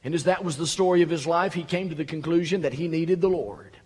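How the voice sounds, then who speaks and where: Man preaching in a hall, high bright voice, husky edge, swings from hushed reading to loud exhortation. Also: fast. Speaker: pastor. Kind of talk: sermon. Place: church sanctuary. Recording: echoey hall.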